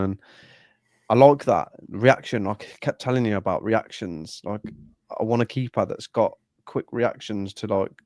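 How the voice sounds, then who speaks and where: A man's voice: fairly low pitch, darkish tone, no room sound, clean studio sound. A man chatting casually about football, swearing freely and restarting his sentences. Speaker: podcast co-host.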